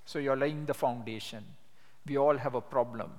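A man preaching a sermon, emphatic, slowing down to stress key words. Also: mid-range voice. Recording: long hall reverb.

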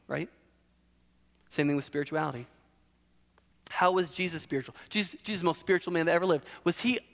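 A man's voice: a little high, a bit bright, long reverb tail. A man preaching a sermon, emphatic, asking and answering his own questions.

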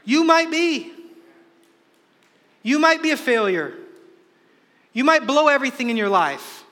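A man's voice: extremely high pitch, lively intonation, unhurried, bright, forceful tone. A man preaching a sermon with energy, acting out the voices he quotes, recorded in a church hall. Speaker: pastor. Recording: long hall reverb.

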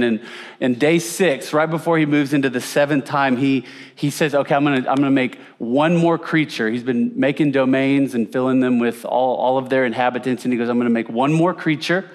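A man teaches from scripture in a relaxed, conversational way. He puts questions to his listeners and leans on repetition to drive a point home. His voice sits at an ordinary middle pitch. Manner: conversational, asks the audience questions, repeats words for emphasis. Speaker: Bible teacher. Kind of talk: teaching sermon with slides.

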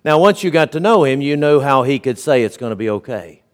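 A man preaching a sermon as a pastor, earnest and storytelling, often dropping to a quiet, low voice. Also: expressive, fairly quick.

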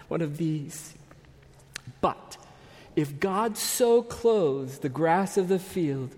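Slow, high-voiced preacher in a reverberant hall. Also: male voice. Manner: earnest, emphatic, drops to a hush at phrase ends. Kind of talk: sermon.

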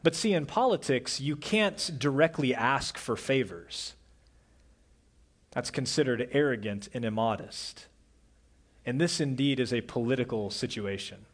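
A middle-aged male pastor preaching an earnest sermon, dropping to a soft hush on key words. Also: medium pitch, animated, a little slow.

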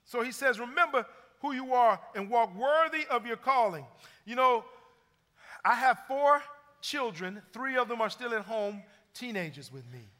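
A man's voice: very high voice, lively intonation, normal speed, pushed and bright. A middle-aged man preaching a sermon as pastor, building emphasis and retelling stories with energy. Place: church sanctuary. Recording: long hall reverb.

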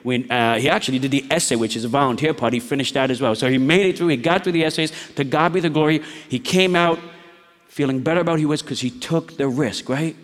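A middle-aged man preaching a sermon, moving between quiet storytelling and rising exhortation. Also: medium pitch, fast. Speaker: pastor. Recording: long hall reverb.

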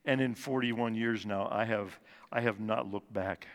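A man in his sixties, a guest speaker in a church sanctuary, tells his personal story earnestly, slowing and softening for emphasis. His voice is fairly low with fairly even intonation, and the recording has the long reverb of a big church hall.

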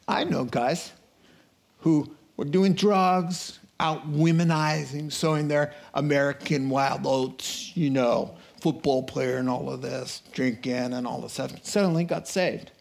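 A man preaching a sermon, animated, acting out crowd voices and rising to excited outbursts. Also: on the high side, takes it slowly, vocal fry.

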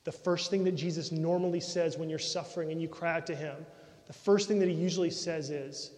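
Earnest preaching man, high voice. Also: steady tone, brisk. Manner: earnest preaching, often dropping to a soft, intimate tone. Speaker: pastor. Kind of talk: sermon. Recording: long reverb of a large hall.

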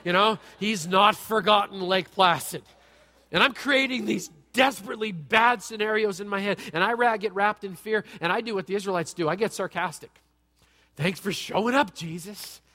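A man giving a sermon as a pastor, with an animated, conversational delivery that jokes and asks the audience questions. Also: high-pitched, fairly quick. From United States. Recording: long reverb from a large hall.

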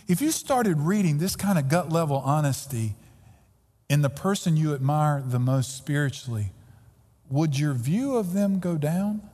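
A man's voice: fairly high pitch, expressive, measured pace, warm tone. A pastor preaching a sermon earnestly and emphatically, often repeating his words as he goes. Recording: long hall reverb.

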